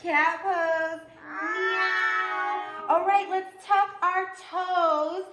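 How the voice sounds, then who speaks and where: A woman with a high, bright voice leads a children's yoga class. She coaches in an unhurried, sing-song way, and her voice rings in a roomy, echoey space. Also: steady tone, faint music behind. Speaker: kids yoga instructor.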